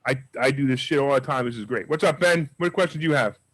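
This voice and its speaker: A man teaching a live real estate investing class and taking questions, telling deals as lively, emphatic stories. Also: mid-range voice, fast, no echo, poor audio. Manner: energetic, emphatic storyteller.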